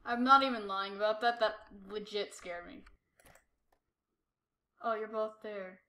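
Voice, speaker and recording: A woman's voice: medium pitch, fairly even intonation, measured pace, pushed and bright, echoey room. A woman giving jumpy commentary while playing a horror game, talking to herself and repeating short exclamations. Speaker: gameplay streamer.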